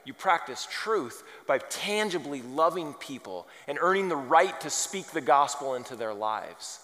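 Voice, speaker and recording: A man preaching a sermon, telling funny stories and building to loud, emphatic points. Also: on the high side, measured pace. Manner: animated, humorous, rising to loud emphasis. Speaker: pastor. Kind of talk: sermon with storytelling. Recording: reverberant large hall.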